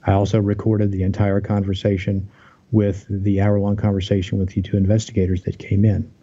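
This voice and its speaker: Deep, dark-voiced man telling his story. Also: completely flat delivery, fairly quick, husky, highs cut off. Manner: earnest and aggrieved, with frequent restarts. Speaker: interview guest.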